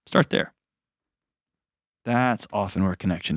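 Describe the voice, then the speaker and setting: A man's voice: fairly low pitch, a little fast, pauses often, dry recording, studio quality. Earnest man giving advice. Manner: earnest, plainspoken counsel with folksy asides. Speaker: host. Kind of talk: advice call-in show.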